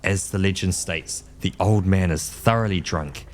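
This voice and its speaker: Deep-voiced man reading a text game. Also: slight background noise. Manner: easygoing, reads options then quickly decides. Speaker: streamer. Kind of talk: reading a text adventure aloud on a live stream.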